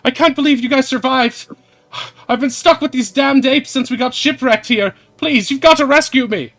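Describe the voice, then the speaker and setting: A man voicing a frantic kidnapped young woman who pleads in a high voice to be rescued. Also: normal speed, a bit bright. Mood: pleading.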